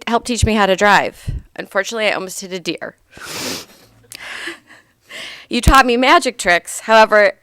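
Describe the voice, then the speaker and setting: A woman in her thirties reading a eulogy for her grandfather aloud, heartfelt and gently humorous. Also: medium pitch, no room sound.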